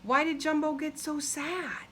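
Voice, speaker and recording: A woman reading a picture book aloud with expressive delivery and chatty asides. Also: high-pitched, measured pace, slight background noise. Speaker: storybook reader.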